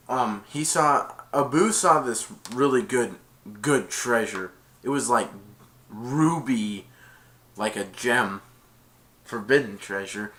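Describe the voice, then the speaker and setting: Man, casual plot retelling, rambling, lots of "and then", bright tense tone. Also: medium pitch. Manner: rambling, strings events with repeated "and then". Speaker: film reviewer.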